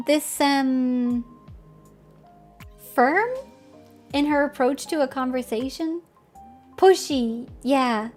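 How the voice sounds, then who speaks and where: A woman streamer muses over the story of the game she is playing. She hesitates and searches for words, and her voice is very high. Faint game music plays in the background. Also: extremely slow, long pauses. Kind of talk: live game commentary.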